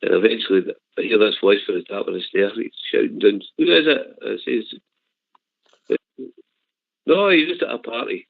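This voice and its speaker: A man's voice: lowish voice, big pitch swings, normal speed, creaky, long pauses, no echo. An older man with a Glasgow accent, calling in to tell a rambling story with laughs. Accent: Scottish, Glasgow. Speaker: caller. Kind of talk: phone-in storytelling. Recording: tinny phone line, dry.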